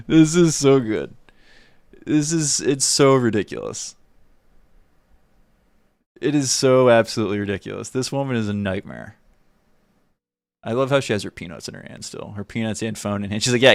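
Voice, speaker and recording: A man hosting a live stream, giving an animated, mocking, profane running commentary on a video. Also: mid-range voice, dry recording, studio quality.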